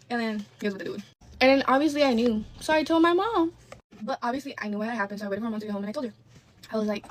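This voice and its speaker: A woman's voice: on the high side, rapid-fire. A woman telling a candid storytime in casual chat, rambling with asides and swearing freely.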